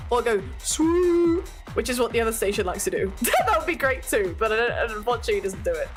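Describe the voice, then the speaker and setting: British woman streamer, chatty and giggly, lively pitch, music quietly behind. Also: rapid-fire. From Britain. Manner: chatty, giggly, self-mocking. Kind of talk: casual chat stream. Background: faint music playing.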